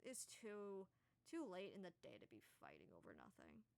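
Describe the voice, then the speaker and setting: A woman voicing a tired, soft-spoken giant man who sighs and speaks low. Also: wildly swooping pitch, moderate pace, gravelly, a little hiss or hum, full character voice. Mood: weary.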